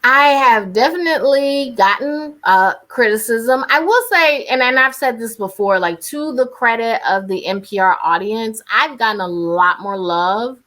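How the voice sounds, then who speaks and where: A woman's voice: on the high side, measured pace, few pauses, a bit bright. A woman in her thirties with a North Carolina accent. She is a radio journalist talking candidly in an interview over a video call, and she laughs easily. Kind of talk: casual interview talk.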